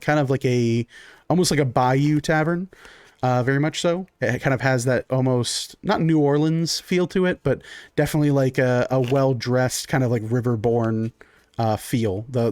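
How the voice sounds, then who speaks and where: A man's voice: medium pitch, a little mellow, no room sound. A man narrating a tabletop game as game master, describing scenes in a rambling way with many fillers.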